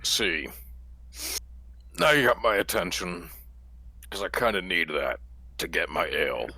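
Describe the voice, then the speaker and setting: A man voicing a hungover grown man craving ale in a tabletop role-play, with a gravelly drawl. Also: low voice, sing-song, unhurried, pushed and bright, no room sound, heavily acted. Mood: gruff.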